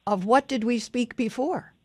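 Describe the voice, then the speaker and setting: A woman's voice: a little high, normal speed, no room sound, studio quality. An older woman hosting a call-in advice radio show, blunt and commanding, cutting callers off.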